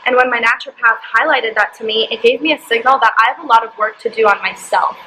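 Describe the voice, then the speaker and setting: A young woman tells a personal story to camera in a bright, fairly high voice. She talks candidly and emotionally, dropping in "like" often. A faint hiss sits under the recording. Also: quick pace, rough recording. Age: young adult. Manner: candid, emotional, frequent "like" fillers. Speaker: vlogger.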